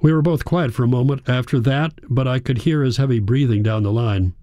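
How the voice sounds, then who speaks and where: A man reading a novel aloud in a measured, reflective storytelling manner. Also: medium pitch, mellow, no room sound, studio quality. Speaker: audiobook narrator. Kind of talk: scripted narration.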